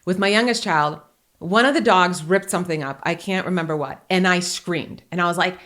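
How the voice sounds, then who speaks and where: This podcast host, a woman in her forties, speaks a little quickly with a lowish voice. Her chat is relaxed and animated, full of humor and openly told anecdotes.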